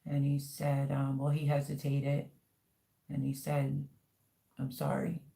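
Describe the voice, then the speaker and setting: A woman's voice: very deep voice, monotone, slow pace, creaky, mellow. A middle-aged woman hosting a casual livestream, chatting and reading out viewer comments with lots of ums. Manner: chatty, rambling, many ums. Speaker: livestream host.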